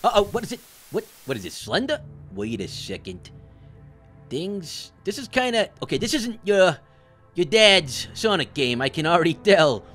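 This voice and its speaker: A man's voice: high-pitched, very animated, normal speed, faint music behind, exaggerated voice. A man voicing a jittery, wisecracking talking orange who hosts cartoon game commentary, yelping and joking as he plays. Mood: scared. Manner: jumpy, yelps and shouts when startled, jokey asides. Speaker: gaming host. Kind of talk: cartoon let's-play commentary.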